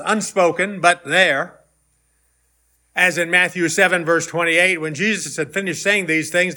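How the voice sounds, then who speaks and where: Bright high-voiced man preaching. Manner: conversational, rising emphatic questions. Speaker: pastor. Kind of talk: sermon.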